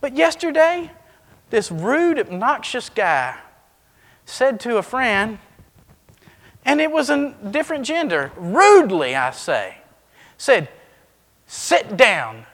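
Man, preacher, lively sermon, acts out stories, high voice, echoing hall. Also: slow, long pauses. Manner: animated, acts out scenes with shifting voice.

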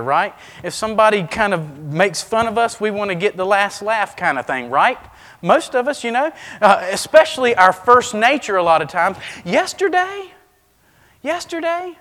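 A man preaching a sermon in an animated way, acting out scenes as he talks. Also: high-pitched, big-room sound. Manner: animated, acts out scenes with shifting voice.

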